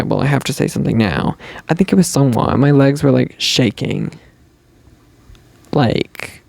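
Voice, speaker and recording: Gushing young man with a gravelly voice. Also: a little high, mellow, no echo. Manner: gushing, chatty fan talk with many likes and ums. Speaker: podcast host. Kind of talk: casual storytelling chat.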